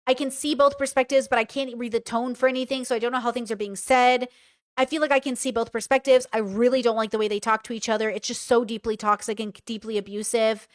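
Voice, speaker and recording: High-voiced young woman, blunt and profane. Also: fairly even intonation, fast talker, no room sound, clean studio sound. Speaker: reaction video commentator. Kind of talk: casual reaction commentary.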